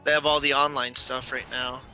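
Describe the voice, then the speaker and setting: Bright-voiced opinionated man co-hosting. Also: medium pitch, flat delivery, normal speed, rough recording. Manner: opinionated, filler-heavy, firm. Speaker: co-host. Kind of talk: casual stream chat. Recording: faint game music behind.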